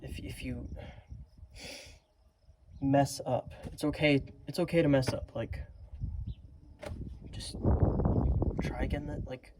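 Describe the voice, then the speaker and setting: Guy rambling thru a pep talk, lots of um and like, pretty flat voice, loud traffic rumble behind. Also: takes it slowly, pauses often. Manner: rambling, many fillers and restarts, earnest. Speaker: self-improvement vlogger. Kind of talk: casual motivational talk to camera. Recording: loud vehicle noise behind.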